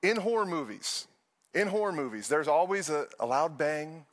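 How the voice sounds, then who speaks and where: A young man, a pastor, preaching a sermon with animated storytelling and playful asides. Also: fairly high pitch, moderate pace, big-room sound.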